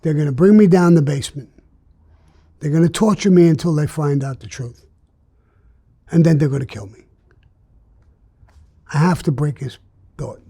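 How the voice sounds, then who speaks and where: Older New man, gravelly dark voice, blunt storyteller in an interview. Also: fairly high pitch, moderate pace, pauses often. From New York. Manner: blunt, streetwise storytelling that acts out the dialogue.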